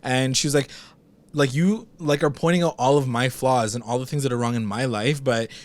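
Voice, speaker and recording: A man's voice: mid-range voice, normal speed. A man co-hosting a TV recap, chatting casually, swearing a lot and acting out the characters' lines. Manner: animated, swears a lot, acts out character quotes. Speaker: recap show co-host.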